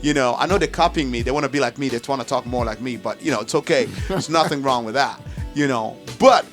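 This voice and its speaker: A man's voice: mid-range voice, fast, soft background music. A man hosting a live radio talk show from a studio, teasing and laughing with his guests.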